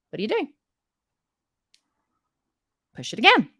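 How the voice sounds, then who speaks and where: A woman's voice: mid-range voice, sing-song, brisk, pauses often, pushed and bright, dry recording. Emphatic middle-aged woman coach, dry sound. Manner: emphatic, repeats points for weight. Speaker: fitness and mindset coach. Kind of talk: motivational Q&A talk.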